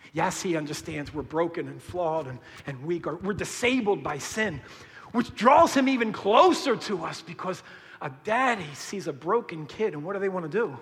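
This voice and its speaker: A bright-toned, high-voiced male pastor preaches a sermon in a church, animated and jokey, then dropping low and hushed. His voice rings out with a long echo through the hall.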